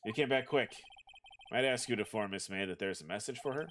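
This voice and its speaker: A man's voice: lowish voice, fast talker, a bit bright, slight background noise, lightly acted. A man voicing a young male hotel bellboy who speaks formally and deferentially, reading game dialogue on a stream. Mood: courteous. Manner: formal, deferential, says sir a lot.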